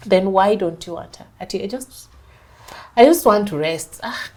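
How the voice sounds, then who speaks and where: A young woman with a Kenyan accent tells her own story in an interview, voice husky and a little breathy at a middle pitch. She acts out what others said, switching between English and Swahili as she goes. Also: animated, normal speed, darkish tone. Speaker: interview guest. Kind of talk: emotional personal storytelling.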